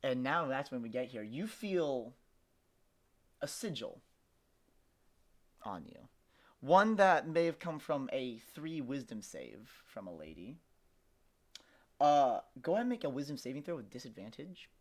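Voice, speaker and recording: A young man runs a tabletop game as game master, painting each scene in vivid, dramatic strokes. His pitch sits in an ordinary middle range but moves a great deal, rising and falling with the story. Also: big pitch swings, a little slow, long pauses.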